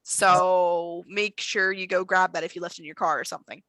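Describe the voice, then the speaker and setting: A woman's voice: lowish voice, fairly even intonation, moderate pace, bright, forceful tone, dry recording. A woman voicing an anxious, flustered man checking guests in at a wedding door, harried and apologetic.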